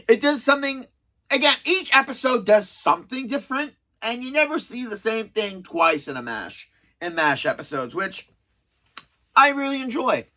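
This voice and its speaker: This video reviewer in their thirties has a mid-range voice that sounds pushed and bright. Ranking favourite TV episodes in a loose, rambling countdown with restarts, they chat away with self-described, self-aware sarcasm.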